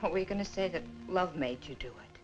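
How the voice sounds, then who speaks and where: A bitter young woman turns a man away in clipped, cutting sentences. Her voice sits at an ordinary middle pitch. A film score plays clearly beneath her. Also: expressive, fast talker, poor audio. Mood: cold. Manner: cold, cutting, building to anger. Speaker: film actress. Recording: old film soundtrack with music.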